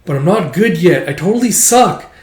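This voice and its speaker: A man's voice: high voice, animated, normal speed, echoey room, voice pushed up. A man voicing an earnest young woman apprentice storyteller who is hard on herself. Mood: frustrated. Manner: earnest, self-critical.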